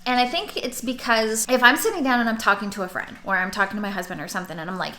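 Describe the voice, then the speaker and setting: A young woman talking casually to her viewers about books, rambling and restarting as she goes. Her voice is bright and forward. The room adds a clear echo. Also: medium pitch, expressive, a little fast. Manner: rambling, chatty, with restarts and laughs. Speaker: book vlogger. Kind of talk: casual chat to camera. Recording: roomy echo.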